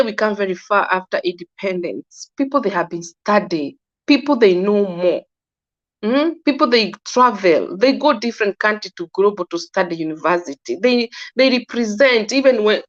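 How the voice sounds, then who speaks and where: A woman giving her earnest opinion in a casual monologue, often restarting and repeating herself. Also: mid-range voice. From Kenya. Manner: earnest, repetitive, restarting sentences. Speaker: commentator. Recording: dull lo-fi sound.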